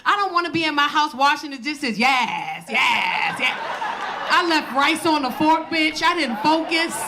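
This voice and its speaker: A woman's voice: high voice, moderate pace, noisy background. A woman in her forties doing a stand-up comedy set, telling stories in a brash, profane style and laughing often.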